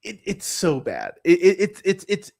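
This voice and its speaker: A man's voice: high voice, huge pitch swings, moderate pace, gravelly, darkish tone. Exasperated man ranting on a podcast. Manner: exasperated, profane, emphatic; stumbles and repeats words. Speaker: podcast host. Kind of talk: casual movie review rant.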